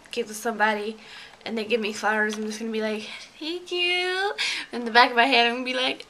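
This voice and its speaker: Bright-voiced chatty young woman vlogger. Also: a little high, slight background noise, poor audio. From Georgia, US. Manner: chatty, rambling with many fillers and laughs. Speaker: beauty vlogger. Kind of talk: casual tag video chat.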